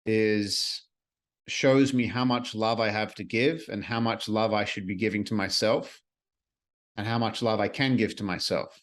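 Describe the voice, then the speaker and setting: A man hosting a solo podcast, talking earnestly and reflectively in a casual way, with the odd swear word. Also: fairly low pitch. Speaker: podcast host.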